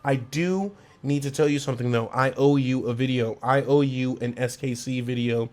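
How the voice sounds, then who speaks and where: A man hosting a casual football transfer talk, animated and slangy, laughing often and asking the fans questions directly. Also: medium pitch, normal speed. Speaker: sports channel host.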